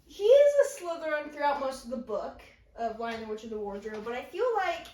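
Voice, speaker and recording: A woman in casual chat, excited and emphatic, with many fillers. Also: high-pitched, fairly quick, recorded from a distance. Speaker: co-host. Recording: roomy sound from off-mic.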